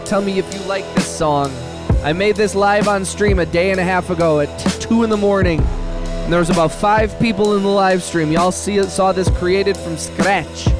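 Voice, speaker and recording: A high-voiced man hosts a music production livestream, chatting in an upbeat, rambling way with quick shout-outs and restarted sentences. His own beat plays in the background.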